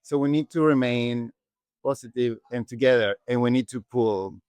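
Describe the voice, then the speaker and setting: A man's voice: medium pitch, normal speed, a little mellow, clean tone, no echo. A man hosting a street interview podcast, affectionate and encouraging, calling his guest darling. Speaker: podcast host.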